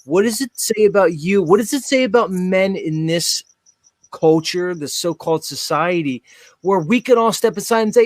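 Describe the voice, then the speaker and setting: A man's voice: high voice, normal speed, dry recording, studio quality. A man hosting a podcast debate, blunt and combative, swearing freely as he argues. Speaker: show host.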